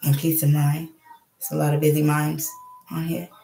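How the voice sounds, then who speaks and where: A woman hosting her own channel, giving blunt, profane life advice in a casual, animated livestream. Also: low-pitched, moderate pace, vocal fry, faint music behind. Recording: echoey room.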